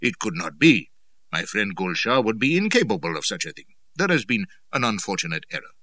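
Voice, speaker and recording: A man voicing a stout, genial chieftain who speaks mildly and politely, with quiet menace beneath. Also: fairly low pitch, sing-song, a little fast, no echo, recorded from a distance, heavily acted. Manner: mild, smooth, polite, cheerfully ironic.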